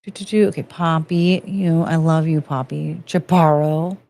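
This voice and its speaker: A woman's voice: low voice, fairly even intonation, a little slow, gravelly, mellow. A young woman streaming casually, gushing and cooing over pictures of dogs. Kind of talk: casual live-stream chat.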